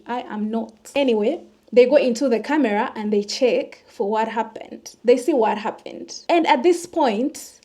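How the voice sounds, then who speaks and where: A woman, a vlogger telling a personal story in an animated way and acting out the dialogue. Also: a little high. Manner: animated retelling that acts out the dialogue.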